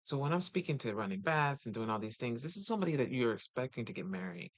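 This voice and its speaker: A man's voice: big pitch swings, quick pace, fairly bright tone, no echo. A man talking casually to viewers as a relationship coach, chatty and full of rhetorical questions. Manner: chatty, rhetorical questions, sudden pitch jumps.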